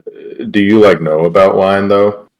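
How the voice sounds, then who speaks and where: A man with a very deep, low voice, casually playing his character in a tabletop game. He jokes around and asks easygoing questions. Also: fairly even intonation, measured pace, a little mellow. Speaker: player.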